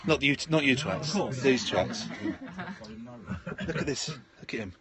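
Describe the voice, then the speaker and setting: Radio guy filming round the office on his phone, lively up-and-down voice, people chattering behind. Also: mid-range voice, measured pace, a loud crowd. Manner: cheeky, excitable, bursts into shouting. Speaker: radio host. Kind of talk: casual banter on a live stream. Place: radio station offices and studio.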